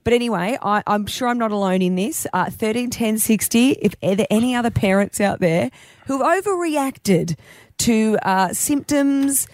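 A woman's voice: fairly high pitch, moderate pace, dry recording, clean studio sound. A middle-aged woman, hosting a casual radio chat and telling a story with lots of drama. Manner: animated storyteller, dramatic retelling. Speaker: radio host.

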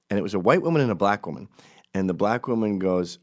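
A middle-aged man from Canada telling an animated story, jumping into high put-on voices and laughing mid-sentence. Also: quick pace. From Canada, raised in Quebec. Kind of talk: storytelling monologue.

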